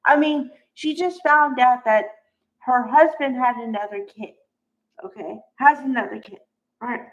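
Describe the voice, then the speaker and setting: A woman's voice: fairly high pitch, measured pace. A woman casually recapping a soap opera episode, chatty and exasperated, acting out the characters' lines. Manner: chatty, exasperated, acts out quotes. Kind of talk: casual spoken recap and commentary. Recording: dull lo-fi audio.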